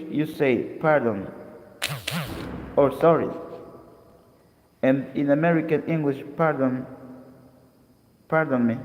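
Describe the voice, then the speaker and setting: Man, young adult, from Mozambique, English lesson, deliberate reading, roomy echo. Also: a little high, narrow, tinny audio. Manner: slow, careful reading with restarts. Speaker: English teacher. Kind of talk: reading a dictionary aloud as a lesson. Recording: echoey room with long reverb.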